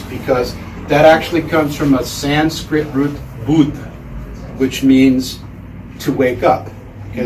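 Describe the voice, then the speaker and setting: Recorded from a distance in an echoey room with a little hiss or hum, a fairly high-voiced man lectures casually to a room of listeners. He's chatty and full of fillers, and he gets the audience to say words aloud after him.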